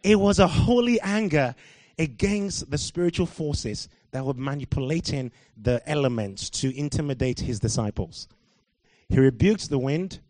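A man from Africa preaching a sermon, swinging from quiet, musing talk to loud shouting and laughing at himself. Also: fairly high pitch, expressive, moderate pace, dry recording.

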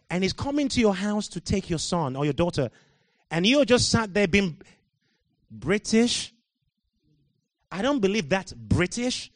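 A man from Africa preaching a sermon, swinging from quiet, musing talk to loud shouting and laughing at himself. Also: sits high, big pitch swings, measured pace, long pauses, dry recording.

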